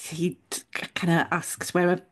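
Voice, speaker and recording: A woman from England co-hosts a podcast in relaxed conversation. She tells her story in a rambling, chatty way, often starting a sentence over and correcting herself mid-thought. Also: on the low side, measured pace. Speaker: podcast co-host. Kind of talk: casual chat.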